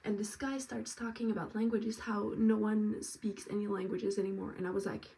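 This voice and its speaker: A tired woman from France chatting casually as she gets ready, rambling and now and then dropping to a soft whisper. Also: medium pitch, level tone, moderate pace, vocal fry. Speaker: vlogger. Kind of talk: casual get-ready-with-me chat. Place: at home getting ready. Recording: distant mic, faint room ambience.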